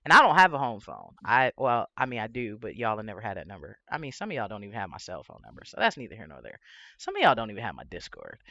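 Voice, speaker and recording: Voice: mid-range voice, wildly swooping pitch, quick pace, gravelly, sharp tone, no room sound, dull audio. A livestream host with a lisp, chatting casually and rambling with swearing and frequent laughs.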